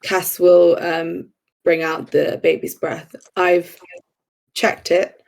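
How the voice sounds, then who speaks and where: A woman playing a tabletop game, speaking hesitantly with many pauses and ums. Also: fairly low pitch, expressive, vocal fry, darkish tone, rough recording. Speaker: player. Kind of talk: casual tabletop play, in character.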